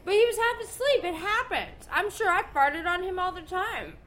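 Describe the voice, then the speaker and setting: A woman's voice: very high-pitched, animated, normal speed, a bit bright. A young woman chatting casually as a co-host, telling a story with lots of animation and frequent laughter. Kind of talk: casual chat.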